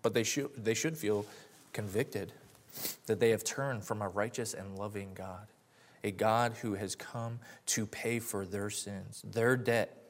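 A man's voice: fairly low pitch, steady tone, a little slow. Earnest young man preaching a testimony. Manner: earnest, heartfelt storytelling, rising to fervent emphasis. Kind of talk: personal testimony and sermon.

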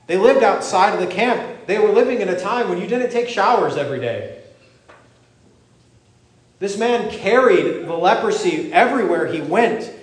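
Male pastor, high voice, lively storytelling sermon, reverberant room. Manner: animated preaching, acting out voices in the story. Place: church sanctuary. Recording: echoey church room.

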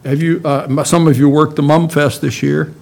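A man preaching a sermon to his congregation, emphatic and deliberate, with many rhetorical questions. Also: fairly high pitch, fairly even intonation, vocal fry, a little mellow. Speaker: pastor.

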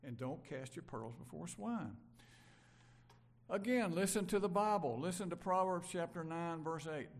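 An older man from Mississippi, preaching a conversational sermon that moves from loud emphasis to quiet asides. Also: on the high side, normal speed. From Mississippi, USA. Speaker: pastor.

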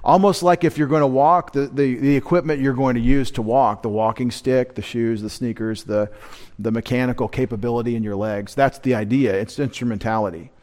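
A man teaching a midweek Bible study in an unhurried, halting way. He fills pauses with "uh" and "um," restarts his phrases, and laughs off his own shaky Greek pronunciation as he explains a verse. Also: medium pitch, fairly even intonation, a little mellow. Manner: unpolished Greek pronunciation, self-deprecating asides. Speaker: pastor.

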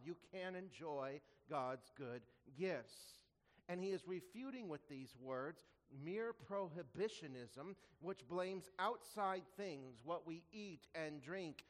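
A man preaching a sermon as a pastor, earnest, asking rhetorical questions and slowing down to stress quoted scripture. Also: a little high, in a large hall. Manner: earnest, rhetorical questions, slows for emphasis when quoting scripture.

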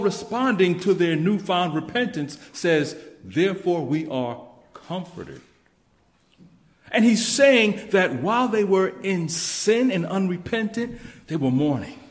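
A man pastor preaching a sermon, with emphatic rising bursts and quick asides. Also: fairly high pitch, a little mellow, roomy sound. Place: church sanctuary.

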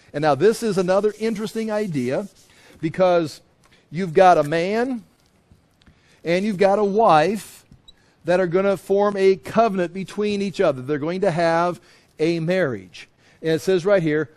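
High-pitched with a darkish tone, a man goes verse by verse through a Bible passage in a chatty way. He keeps restarting and repeating phrases, and he acts out the voices he quotes.

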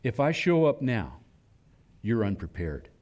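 A man preaching a sermon, animated, acting out voices in quoted lines. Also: mid-range voice, unhurried. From Philadelphia area. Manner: animated preaching, voicing God and children in quotes. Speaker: pastor.

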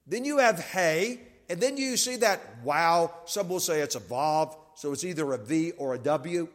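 Man, bible teacher, high pitch, explanatory, repeats points, reverberant hall. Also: lively intonation, normal speed. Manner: explanatory, repeats key points, quizzes listeners.

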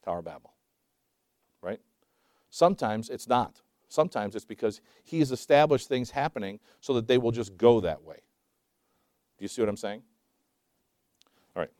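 A man's voice: medium pitch, expressive, normal speed, pauses often, dry recording, studio quality. Man preaching, with rhetorical questions. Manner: rhetorical questions, swings from loud to hushed. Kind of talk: sermon.

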